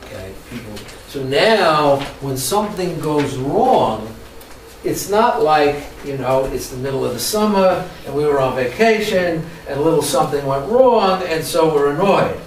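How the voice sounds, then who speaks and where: Animated male trainer in an echoey room. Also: fairly high pitch, unhurried, slight background noise. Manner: animated storyteller, asks the audience questions. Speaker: workshop trainer. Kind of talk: training workshop lecture. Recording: echoey room, mic from far off.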